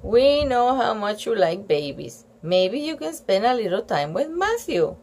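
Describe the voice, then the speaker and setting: A woman voicing a calm, kindly father in a storybook, lowering her voice to coax gently. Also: a little slow, full character voice.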